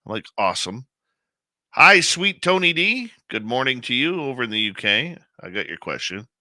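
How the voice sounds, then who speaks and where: A man's voice: lowish voice, lively intonation, quick pace, pushed and bright, no echo, clean studio sound. A man hosting a live radio show in casual chat, greeting listeners and reading their comments aloud on a headset microphone.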